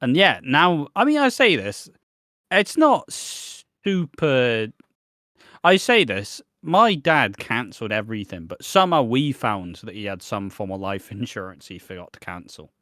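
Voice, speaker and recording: A man's voice: medium pitch, very animated, unhurried, fairly bright tone, no echo. Podcast guy rambling about a soap, swears a lot, mid voice, dry mic. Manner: rambling, restarts, swears, laughs at his own points. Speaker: podcast co-host. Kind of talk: casual chat recapping a soap episode.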